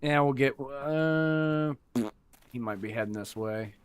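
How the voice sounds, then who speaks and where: A man streams a game and talks to himself as he plays. His commentary is loose and sweary, and it drifts into rambling stories that restart mid-sentence. His pitch sits in an ordinary middle range for a man. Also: takes it slowly, smooth, dry recording. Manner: loose and profane, mutters to himself while playing. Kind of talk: casual gameplay commentary.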